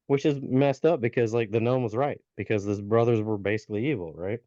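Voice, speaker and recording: A man's voice: fairly low pitch, brisk, few pauses, dark tone, no room sound. A man co-hosting a podcast, casually retelling a folk tale with lots of fillers and restarts. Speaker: podcast co-host. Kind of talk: casual storytelling chat. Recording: dull lo-fi podcast audio.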